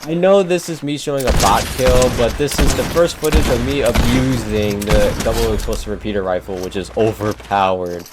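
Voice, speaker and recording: A young gaming YouTuber talks over his own gameplay clips in a laid-back, joking, self-mocking way. His mid-range voice keeps a moderate pace with hardly any pauses, buried under heavy background noise from loud gunfire and game sounds.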